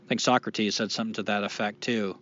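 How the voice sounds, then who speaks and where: A man's voice: on the low side, fairly even intonation, quick pace, fairly bright tone, slight background noise. Guy co-hosting a podcast, rambly and sweary, jokes at his own expense, kinda muffled lo-fi sound. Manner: rambling, profane, self-deprecating. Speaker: podcast co-host. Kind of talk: casual podcast chat. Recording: dull lo-fi podcast recording.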